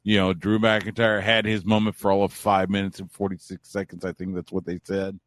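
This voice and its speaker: A man in Central Texas talking as a guest on a radio wrestling show, relaxed and rambling, often restarting his sentences. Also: low voice, a little fast, no echo. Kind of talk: casual chat.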